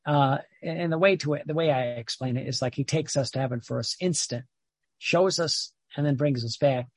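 Husky man giving a rambling devotional talk. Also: fairly high pitch, brisk, no room sound. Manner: rambling, repeats words, stops to read aloud. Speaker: religious teacher. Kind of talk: informal devotional talk with reading.

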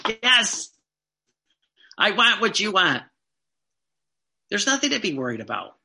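A man preaching a fervent sermon, with emphatic repetition and slow, stressed phrases. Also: on the high side, gravelly, sharp tone.

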